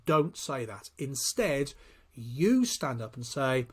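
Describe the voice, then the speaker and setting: A man's voice: mid-range voice, sing-song, takes it slowly, husky. A man giving a spoken training lecture on workplace conversations, talking directly and acting out short example dialogues.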